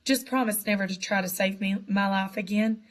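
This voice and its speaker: A woman's voice: medium pitch, steady tone, fairly quick, lightly acted. A woman voicing a young schoolboy wizard in her own plain, understated way.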